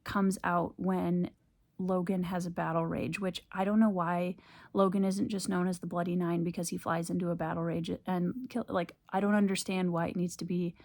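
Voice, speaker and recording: A woman's voice: fairly low pitch, creaky, a little mellow. A young woman talking casually to camera in a reading vlog, ranting in frustration and repeating herself. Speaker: book vlogger.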